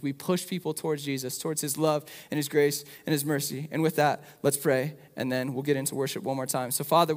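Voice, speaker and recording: A man's voice: fairly high pitch, in a large hall. A man preaching a sermon and leading a prayer, speaking with passion and often repeating words as he builds up emphasis. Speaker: pastor. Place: church.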